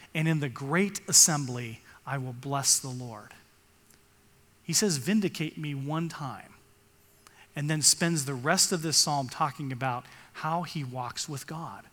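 A man's voice: fairly high pitch, fairly bright tone, big-room sound. A male pastor giving an earnest sermon, reading scripture aloud and rising for emphasis.

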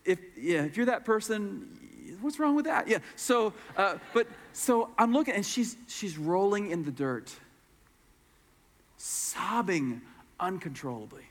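Animated man preaching in a reverberant hall. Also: high voice, unhurried. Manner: animated storyteller acting out voices. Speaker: pastor. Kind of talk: sermon storytelling.

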